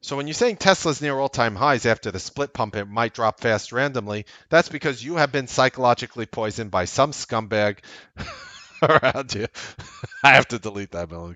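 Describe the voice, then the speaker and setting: Tense, sarcastic man ranting on a livestream. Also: no echo. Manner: blunt, sarcastic ranting that swings from loud to low. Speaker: trading coach and livestream host. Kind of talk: unscripted livestream commentary.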